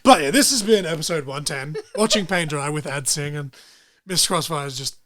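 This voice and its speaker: Rambling, excitable young man podcaster. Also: a little high, normal speed. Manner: rambling, excitable, swears freely. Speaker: podcast co-host. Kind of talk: casual podcast chat.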